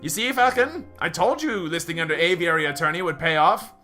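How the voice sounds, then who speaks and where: A man's voice: a little high, fairly quick, bright, forceful tone, faint music behind, voice pushed up. A man voicing an eager young female sparrow assistant in a game, with a chirpy, upbeat delivery.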